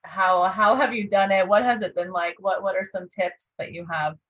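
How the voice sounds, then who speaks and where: A woman hosting an interview, asking questions in hesitant, halting phrases and responding warmly to her guest. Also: medium pitch, steady tone, lo-fi sound. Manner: warm, encouraging, hesitant phrasing with fillers. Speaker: interview host. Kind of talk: casual interview.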